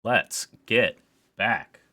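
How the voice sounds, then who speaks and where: A man's voice: lowish voice, expressive, very slow, sharp tone. A man streaming a visual novel, chatting casually in a rambling way and reading the game's text aloud. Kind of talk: casual livestream commentary while playing a visual novel.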